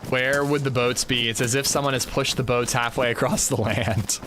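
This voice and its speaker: A man's voice: medium pitch, steady tone, normal speed, noisy background. A man streaming a video game, chatting casually and rambling jokily to his viewers. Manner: rambling, jokey, talks to chat. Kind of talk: casual livestream chat.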